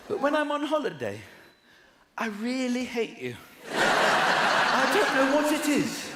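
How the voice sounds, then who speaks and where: A British man performing stand-up comedy, animated, with exaggerated sound effects and mock voices. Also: very high voice, slow, pauses often. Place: large theatre stage. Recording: roomy hall with loud crowd and noise.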